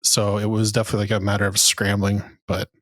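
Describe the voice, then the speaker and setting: A man co-hosting a podcast, talking football in a relaxed, rambling way with lots of fillers and the odd swear. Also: fairly low pitch, fast talker. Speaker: podcast co-host. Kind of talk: casual football chat.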